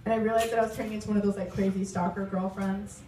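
A woman's voice: medium pitch, little pitch movement, racing, recorded from a distance. A woman in her twenties doing a self-deprecating stand-up comedy set, full of "like". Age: 20s. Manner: wry, self-deprecating, lots of "like". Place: comedy club stage. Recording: roomy club sound from off-mic with loud audience noise. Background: audience laughter.

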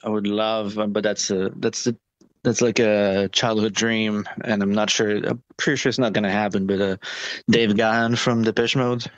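A man's voice: fairly low pitch, level tone, normal speed, no echo, highs cut off. A man answering interview questions about touring, talking casually with many fillers and restarts. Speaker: touring musician, interview guest.

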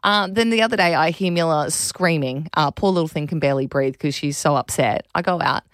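Her voice sitting low and running a little fast, an Australian radio host in her thirties laughs a lot as she tells lively stories in a relaxed chat. The studio-quality sound comes from a studio mic in a radio studio, with no room sound.

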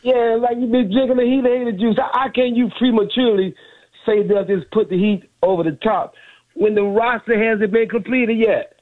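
A man's voice: high voice, fairly even intonation, normal speed. A man calling in to a sports radio show, skeptical and arguing, stumbling over his words. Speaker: caller. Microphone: phone. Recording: tinny phone line.

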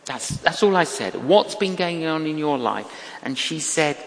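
An older woman preaching a sermon, telling stories from her own life in an emphatic, measured way. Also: low-pitched, big-room sound. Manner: slow, emphatic preaching with lively storytelling. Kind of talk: sermon with storytelling.

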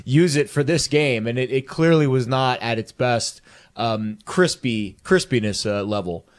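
A man's voice: mid-range voice, unhurried. A man co-hosting a sports talk show, rambling and joking while he hunts for words.

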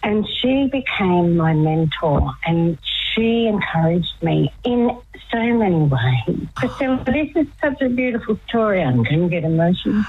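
A woman's voice: fairly low pitch, sing-song, normal speed, slight background noise. A woman guest on a radio show, speaking earnestly and laughing often as she chats. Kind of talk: casual radio chat by phone. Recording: tinny phone line.

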